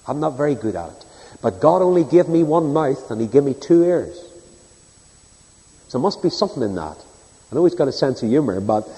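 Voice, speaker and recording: Male preacher, earnest storyteller, warm mellow voice, long echo of a church hall. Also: a little high. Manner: earnest, storytelling, shifts between loud emphasis and soft hush. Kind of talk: sermon.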